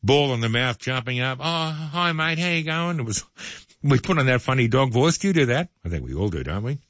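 A man's voice: medium pitch, expressive, fast talker, a bit bright, dry recording, lo-fi sound. A male radio host, chatting casually with jokey asides.

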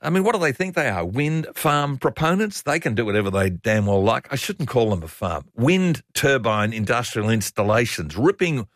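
A man's voice: mid-range voice, lively intonation, moderate pace, few pauses, dry recording, clean studio sound. An older Australian man hosting talkback radio, chatty and opinionated, reading out listener messages.

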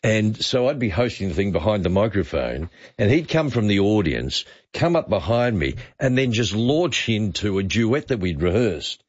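A man's voice: lowish voice, sing-song, moderate pace, few pauses, breathy edge, no room sound, lo-fi sound. An Australian man hosting talkback radio from a studio, reminiscing with a lot of hesitant fillers. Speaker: radio host.

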